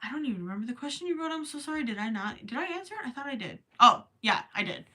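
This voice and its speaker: Speaking very fast, her slightly high voice lively, pushed, and bright, a young woman with a Minnesotan accent crochets on a late-night livestream. She giggles, chats, and reads out viewer comments, tired and anxious her voice might go.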